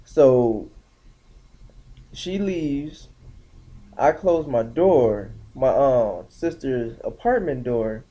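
A young man telling a story casually on his vlog, slangy and animated, acting out the other people's lines in shifting voices. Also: medium pitch, very slow, long pauses. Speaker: vlogger.

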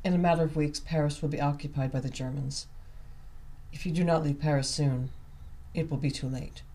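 A man voicing a methodical, serious Frenchman in an audiobook reading, who delivers his lines gravely and insistently. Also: fairly high pitch, steady tone, a little fast, dark tone, close to an everyday voice.

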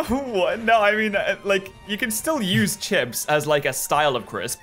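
Exasperated British gamer, bright voice. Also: male voice, high-pitched, expressive, faint music behind. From United Kingdom. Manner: exasperated, quick, grumbling at the game. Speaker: gaming video host. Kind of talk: casual gameplay commentary.

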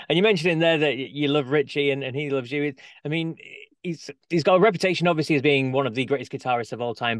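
A man's voice: on the high side, no echo, clean studio sound. A man interviewing a guest in a casual, chatty way, laughing along with the stories.

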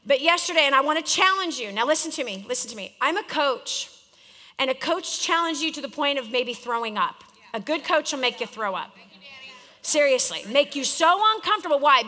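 A high-voiced business coach from California leads a live seminar, teaching her audience in a direct, challenging, animated style. The long reverb of a large hall surrounds her.

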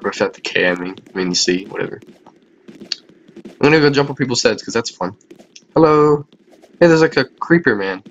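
A tired man giving rambling, chatty commentary over a video game, with quieter mumbled asides. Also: medium pitch, expressive, normal speed, pauses often, dull audio, a little hiss or hum. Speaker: gameplay commentator.

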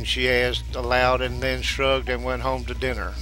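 A man narrating a ghost story as the show's host, telling it in a measured, steady way. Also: mid-range voice, poor audio.

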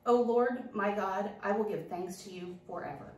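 A woman's voice: medium pitch, moderate pace, a little mellow, slight background noise. A woman reading a psalm aloud in church, lifting her voice on each invocation. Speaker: psalm reader. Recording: echoey church from far off.

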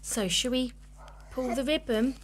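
A woman in her thirties gushes through a home unboxing, gasping and exclaiming as she talks with her daughter. Her voice sits a little high for a woman. A faint hum runs under the camera mic. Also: unhurried. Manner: gushing, keeps gasping and exclaiming. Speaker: mother filming with her daughter. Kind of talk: excited unboxing vlog.

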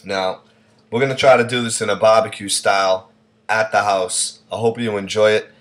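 A man's voice: on the low side, fairly even intonation, moderate pace, a bit bright. A man with a Boston accent hosting a casual cooking demonstration, talking in a chatty, offhand way with frequent fillers. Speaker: cooking show host.

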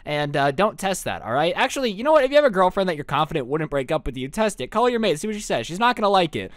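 Young man, storytime vlog, sarcastic, joking, lively pitch, dry close sound. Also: quick pace, no room sound. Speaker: storytime YouTuber.

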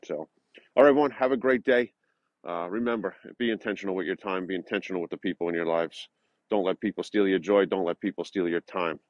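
New York-accented realtor, low and deep, casual motivational vlogger with filler words; dry, muffled lo-fi audio. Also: male voice, steady tone, quick pace, no echo. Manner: loose, with frequent uh and um fillers. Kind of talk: motivational morning vlog with prayer. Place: outdoors at a lakeside park at dawn. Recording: dull, dry, lo-fi sound.

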